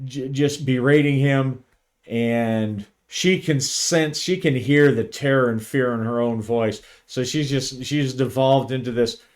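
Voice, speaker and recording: Slow, deliberate man narrating a solo game. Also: medium pitch. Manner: thoughtful, hesitant, frequent restarts. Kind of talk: narrating a solo tabletop role-playing session.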